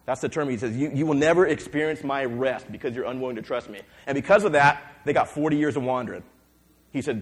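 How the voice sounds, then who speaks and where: A male pastor preaching a sermon, retelling scripture in a lively storytelling way and acting out the voices of the people he quotes. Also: mid-range voice, brisk, slightly rough. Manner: fillers and restarts.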